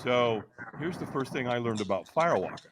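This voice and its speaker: A man's voice: medium pitch, lively intonation, a little fast, slight background noise. A man, a podcast guest, telling a dramatic story, acting out quotes and often checking in with "right?". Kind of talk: animated storytelling.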